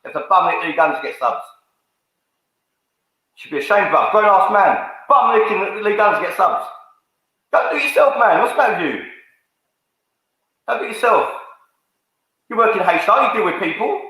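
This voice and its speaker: A man's voice: high-pitched, expressive, normal speed, long pauses, bright, forceful tone. A man ranting angrily to camera for his fan channel, swearing and calling people out. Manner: confrontational, swearing, repetitive, calls people out. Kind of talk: angry rant to camera. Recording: very echoey room.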